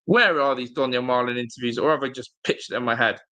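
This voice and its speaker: A man's voice: medium pitch, fast, bright, forceful tone. A man, hosting a live football watch-along from a hotel room and ranting angrily at his team, swearing and repeating himself. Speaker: fan channel host.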